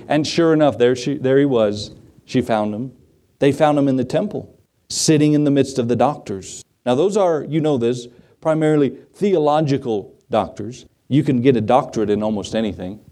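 A middle-aged male pastor preaches fairly quickly, his voice a little high in pitch yet mellow and dark. He poses rhetorical questions to the congregation and briefly does dramatic voices for the people in his stories.

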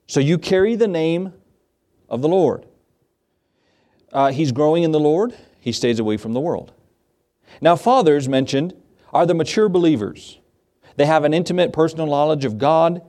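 A man's voice: fairly high pitch, dark tone. A middle-aged man, a pastor, preaching a sermon in a conversational way and often asking his listeners questions.

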